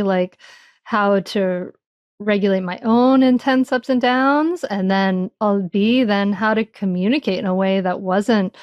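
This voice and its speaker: A woman's voice: medium pitch, darkish tone, no echo. Reflective woman author, dry close sound. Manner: reflective, frequent restarts and "you know". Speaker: parenting author guest. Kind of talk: conversational interview answers.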